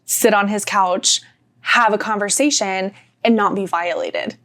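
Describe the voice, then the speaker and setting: A woman's voice: medium pitch, fairly even intonation, measured pace, fairly bright tone. A woman with a mid-range voice co-hosts a chatty podcast. She speaks emphatically, backing up her partner and rounding out her points. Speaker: podcast co-host. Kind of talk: conversational podcast chat.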